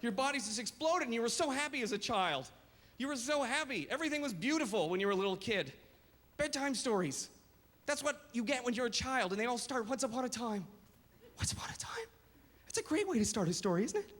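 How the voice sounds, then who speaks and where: Stand-up comic, man, high voice, exaggerated delivery, echoey club with crowd noise. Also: fast talker. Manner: energetic, exaggerated, self-deprecating. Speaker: stand-up comedian. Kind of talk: stand-up comedy set. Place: comedy club stage. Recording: echoey live venue with background noise. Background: audience laughter.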